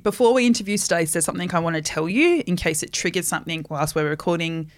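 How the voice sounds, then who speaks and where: A woman's voice: fairly low pitch, lively intonation, fast. A young woman with a New Zealand accent, co-hosting a podcast in casual chat, telling stories with dry, wry humour. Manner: dry, wry storytelling, many short backchannels. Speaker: podcast co-host.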